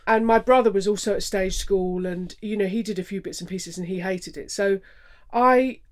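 Reflective middle-aged woman actor. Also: medium pitch. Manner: reflective, halting with restarts. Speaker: guest, actor. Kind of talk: casual interview chat.

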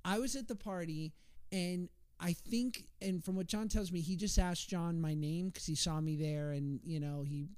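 Chatty man with a mellow voice. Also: fairly high pitch, moderate pace, smooth, no echo. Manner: chatty, self-deprecating storyteller with many restarts and "like"s. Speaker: guest. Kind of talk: casual storytelling on a podcast.

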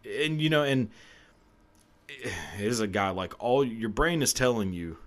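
A man's voice: mid-range voice, animated, a little slow, a bit bright. A man telling a confessional story on his podcast in a casual, rambling way, swearing freely and laughing often. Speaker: podcast host.

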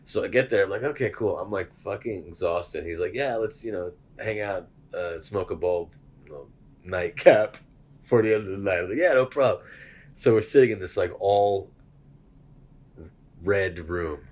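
A man's voice: low voice, moderate pace. A man hosting a podcast, telling a story in a casual, profane way and laughing as he goes. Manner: animated, profane, laughs while telling stories. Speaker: podcast host.

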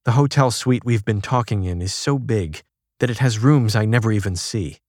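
A man narrating a magazine feature in a measured, even reading, shifting his tone a little for quoted lines. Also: on the low side, dry recording, clean studio sound. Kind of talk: scripted narration.

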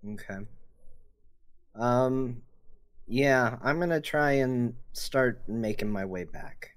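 A man playing a tabletop role-playing game, stating his character's actions in a deliberate, thinking-aloud way. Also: medium pitch. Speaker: player. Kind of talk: casual tabletop game play.

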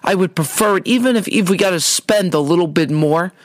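A man's voice: sits high, brisk, no echo, studio quality, close to an everyday voice. A man imitating his father as a laid-back, fussy, joking older dad who rambles. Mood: easygoing. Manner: easygoing, rambling.

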